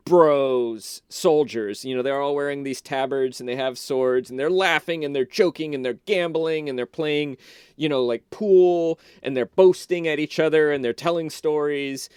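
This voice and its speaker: Guy on a podcast retelling a movie, smooth voice, dry sound, lots of "like" and restarts. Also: on the high side, measured pace, no room sound. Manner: animated, loose, full of "like" and restarts. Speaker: podcast guest. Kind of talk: casual storytelling, retelling a film.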